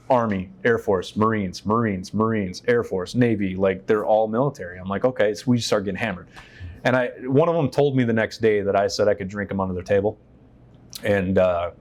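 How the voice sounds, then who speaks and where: A man and military veteran, an interview guest telling personal stories in a casual, candid way, swearing freely and acting out the voices of people he quotes. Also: on the low side. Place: stage in his shop.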